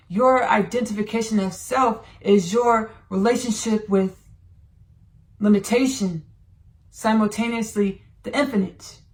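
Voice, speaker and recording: A woman hosting a podcast, giving a channeled spiritual monologue and sharing personal thoughts in a slow, drawn-out, meditative way. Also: mid-range voice. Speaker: podcast host.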